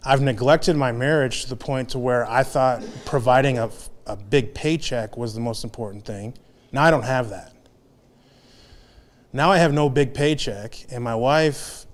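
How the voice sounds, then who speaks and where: A man in his thirties giving a candid, confessional talk as a guest speaker at a men's group, telling his own story with frequent restarts. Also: mid-range voice. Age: 30s. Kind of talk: personal testimony talk.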